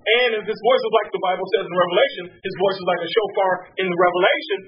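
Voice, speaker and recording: High-voiced preacher guy, swoops way up and down, sounds far off and muffled. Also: fast talker. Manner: animated, swooping between high exclamations and low hushed tones. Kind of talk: sermon. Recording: distant mic, muffled sound, faint hum.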